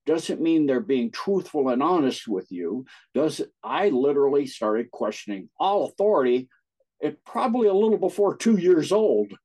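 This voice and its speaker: A man, an interview guest, telling personal stories in casual talk, with a husky voice and frequent laughs. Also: fairly high pitch, big pitch swings, moderate pace, mellow, rough recording. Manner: laughs often while recounting.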